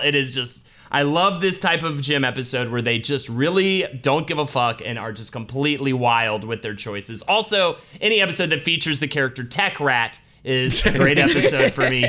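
A man chatting on a podcast with a bright, forward tone. He gushes with enthusiasm and drops casual swears. His pitch sits in an ordinary middle range for a man. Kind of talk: casual chat.

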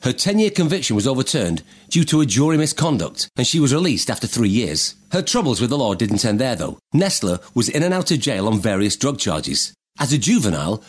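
Man, scripted narration, steady, factual, husky voice. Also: medium pitch. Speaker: segment narrator.

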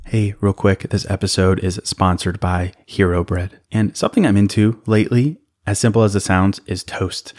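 Male podcast host, lowish voice, friendly host-read ad. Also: fairly even intonation, normal speed, hardly any pauses, a little mellow. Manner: friendly, conversational pitch. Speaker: podcast host reading sponsor ads.

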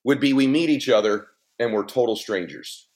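A middle-aged man speaking as a guest on a podcast, telling a personal story in an earnest, emphatic way with big swings in pitch. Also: normal speed, darkish tone. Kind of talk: heartfelt podcast conversation.

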